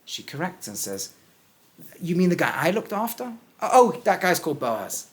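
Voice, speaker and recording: Middle-aged male rabbi, lively lesson voice, fairly high, acts out the text. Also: normal speed. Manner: acts out the characters' lines with big pitch swings; drops to a low, quiet voice for key points. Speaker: rabbi teaching a text class. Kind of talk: animated Bible lesson.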